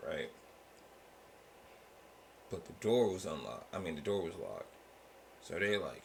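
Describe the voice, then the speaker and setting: A very deep male voice with a gravelly, fried edge, talking casually as a podcast host. He rambles loosely and swears freely, slipping into acted-out quotes as he goes. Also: expressive, unhurried, fairly bright tone, slight background noise. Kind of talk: casual chat.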